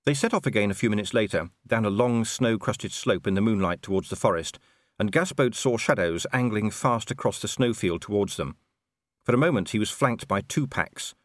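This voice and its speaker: A man reading an audiobook aloud in scripted narration, measured and expressive. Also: lowish voice, no room sound.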